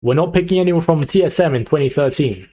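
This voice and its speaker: A man's voice: fairly high pitch, fast, dark tone. A young man streaming live, chatting casually and hyping up his viewers as he picks a team. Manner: chatty, hyped, talks to chat. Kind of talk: casual livestream chat.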